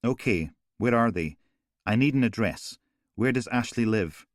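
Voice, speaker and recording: A man's voice: mid-range voice, lively intonation, measured pace, no room sound, studio quality, natural voice. A man voicing a police emergency operator, firm, insistent and controlled.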